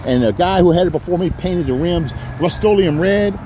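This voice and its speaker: A man's voice: high voice, animated, normal speed, warm tone, a little hiss or hum. Folksy joking used-car salesman. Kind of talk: walkaround sales pitch. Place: outdoors on a rainy car lot.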